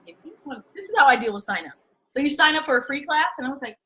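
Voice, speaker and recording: Bright, profane, animated woman coach. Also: sits high, fast, few pauses, slight background noise, low-quality recording. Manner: candid and profane, animated storytelling. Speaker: acting and fundraising coach. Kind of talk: casual teaching pitch.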